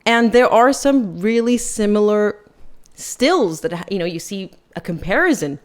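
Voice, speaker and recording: A woman's voice: mid-range voice, expressive, a little slow. A woman hosting a podcast, giving chatty, sarcastic and critical commentary. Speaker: podcast host. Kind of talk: casual opinion commentary.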